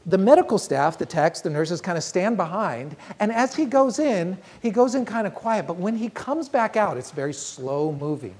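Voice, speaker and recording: A woman preaching a sermon, telling a story in an earnest, measured way and slowing down on key phrases. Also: medium pitch, lively intonation, darkish tone, slightly rough.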